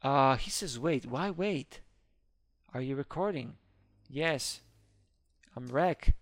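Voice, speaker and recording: A man hosting a gaming video, chattering excitedly through live gameplay commentary with small slips in his English. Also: medium pitch, slow pace, pauses often, no echo. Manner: excitable, narrates his own actions, squeals when scared.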